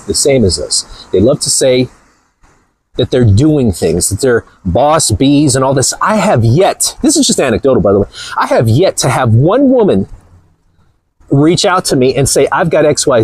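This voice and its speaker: A man's voice: a little high, breathy edge, no echo, low-quality recording. A man hosting a motivational vlog, talking energetically and emphatically in a rambling way, recorded at a gym on a clip-on mic. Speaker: channel host. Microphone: clip-on body mic.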